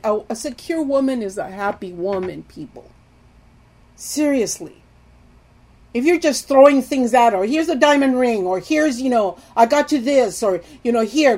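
A middle-aged woman with a fairly high voice, a Christian marriage teacher, gives an earnest talk on marriage and intimacy. She pleads with her viewers, calling them "people," and swings between loud emphasis and soft, hushed lines.

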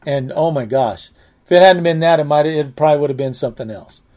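Fast and slightly high, with a darkish tone, a preacher rambles through a personal story in his sermon like a conversation. Restarts are frequent, and "man" and "amen" come up again and again.

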